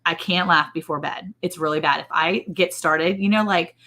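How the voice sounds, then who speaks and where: Giggly woman in her forties, lowish voice. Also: steady tone, normal speed, sharp tone. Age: 40s. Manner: giggly, chatty, greets viewers by name. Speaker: ranch livestream co-host. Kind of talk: casual live-stream chat.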